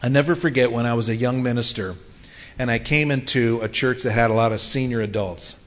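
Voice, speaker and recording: A man in his fifties delivers a sermon in a plain, conversational way. He sounds earnest and speaks at an ordinary mid pitch, often pausing on an um. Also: steady tone. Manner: earnest, conversational preaching with frequent ums. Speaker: pastor.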